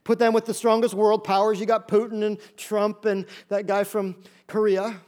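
A male pastor preaching a lively sermon, acting out little voices and jokes to make his points. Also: sits high, normal speed. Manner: animated, acts out voices and jokes.

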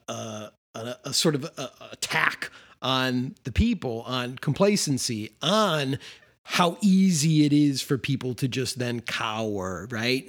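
A man co-hosting a film podcast, talking casually and with energy, swearing often and acting out scenes as he laughs. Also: mid-range voice. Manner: animated, profane, acts out quotes with laughter. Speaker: podcast co-host.

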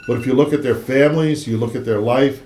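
A man's voice: mid-range voice, quick pace, darkish tone, a little hiss or hum. A man guest in a casual faith conversation, speaking earnestly and stacking his points in lists. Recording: roomy echo.

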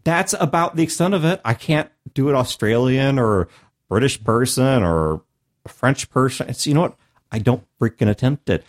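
Animated, emphatic male podcast host. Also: medium pitch, moderate pace. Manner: animated, emphatic, laughs often. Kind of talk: casual chat.

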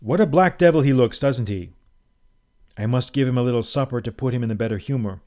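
A man's voice: medium pitch, brisk, dark tone, close to an everyday voice. A man voicing a hearty, chuckling treacherous host. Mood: genial. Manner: hearty, chuckling, falsely genial.

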